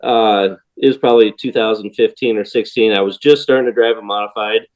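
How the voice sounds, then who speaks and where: A man's voice: lowish voice, steady tone, quick pace, a little mellow, rough recording. A man, a race-driver guest on a podcast, telling easygoing anecdotes in casual chat. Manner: easygoing anecdote teller, many short agreements.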